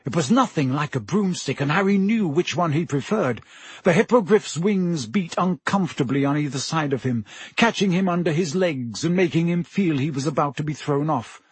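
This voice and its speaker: Husky man reading an audiobook. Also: fairly high pitch, normal speed, no echo. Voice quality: expressive storytelling delivery. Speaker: audiobook narrator.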